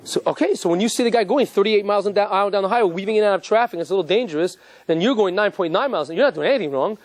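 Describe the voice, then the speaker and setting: A man, a rabbi, giving an animated, joking lecture and quizzing his live audience. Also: high-pitched, very fast.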